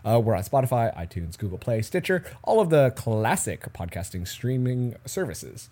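A man's voice: medium pitch, very animated, normal speed, mellow. A man hosting a casual comedy podcast, joking and laughing with sarcastic asides. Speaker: podcast host.

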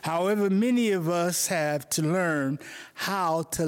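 Man, pastor, sermon, earnest, storytelling, slightly high voice. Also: a little slow, smooth.

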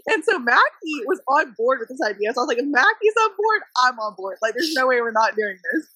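High bright-voiced young woman storyteller. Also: fast talker, breathy edge, no room sound. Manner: animated, lots of "like", laughs often. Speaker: podcast guest. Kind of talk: casual storytelling chat.

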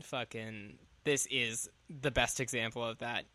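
Bright-voiced man rambling casually. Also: mid-range voice, steady tone, a little slow, no echo. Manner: rambling, heavy use of "like", trailing off. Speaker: podcast co-host. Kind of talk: casual chat about music.

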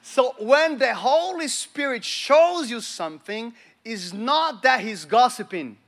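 A man's voice: very high-pitched, expressive, takes it slowly, fairly bright tone. A man preaching a sermon, telling a testimony with acted-out dialogue and asking the audience questions. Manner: storytelling, acts out dialogue, engages the audience.

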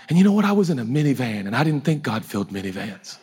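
A man's voice: medium pitch, sing-song, quick pace, few pauses, a little mellow, breathy edge, faint music behind. A man preaching a sermon in an emotional, conversational way, often laughing as he talks.

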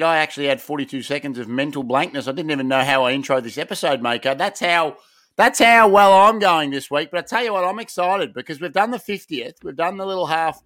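A man's voice: fairly high pitch, a bit bright, no room sound, clean studio sound. A man with an Australian accent co-hosting a podcast, swaggering and rambling in casual banter with lots of restarts. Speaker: podcast co-host.

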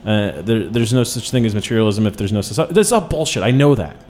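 A man's voice: fairly low pitch, lively intonation, fast, a little mellow. Chicago guy hosting a radio show, rambly and jokey, pokes fun at himself. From Chicago, USA. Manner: joking, self-mocking, rambling. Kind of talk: casual radio chat.

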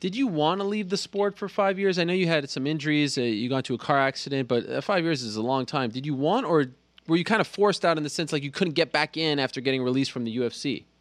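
A man's voice: on the high side, fast, no room sound. A man hosting an interview show over a headset, upbeat and playful as he introduces a fighter. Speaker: podcast host. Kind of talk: casual interview.

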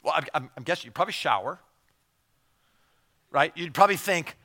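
A male pastor preaching with a bright, forceful tone and a voice pitched a little high. He keeps it chatty and animated, stumbling over repeated words and slipping into acted-out asides. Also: a little fast, pauses often. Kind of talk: sermon.

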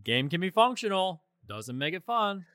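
A man's voice: high-pitched, big pitch swings, moderate pace, a bit bright, clean tone, dry recording, studio quality. A man co-hosting a gaming podcast, laughing often and teasing his co-host. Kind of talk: casual podcast banter.

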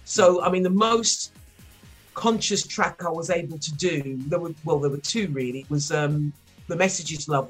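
A middle-aged woman from Wolverhampton with a mild West Midlands accent, chatting as a podcast guest, laughing often and filling pauses with ums. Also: low-pitched, slightly rough. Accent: mild West Midlands English. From Wolverhampton, England. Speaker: guest, former rapper. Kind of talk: podcast interview.

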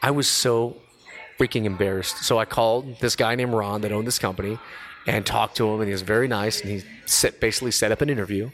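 Animated man telling a story on a podcast. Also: fairly low pitch, fast talker. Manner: animated, slangy, acts out quoted voices. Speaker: radio host.

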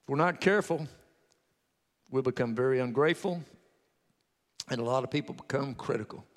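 A man's voice: medium pitch, brisk, long reverb tail. A man preaching a sermon, retelling a convert's testimony in story form and exhorting the congregation.

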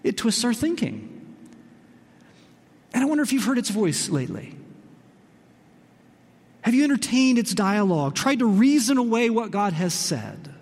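A pastor preaching a sermon in an expressive, emphatic way, slowing down on key phrases. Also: male voice, high-pitched, slightly rough. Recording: long reverb in a large hall.

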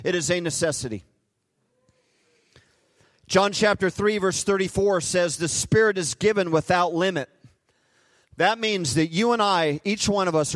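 A man preaching a live sermon in a church, swinging from loud, impassioned declarations to hushed, intimate passages. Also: sits high, unhurried, long pauses, no echo. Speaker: guest preacher. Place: church sanctuary.

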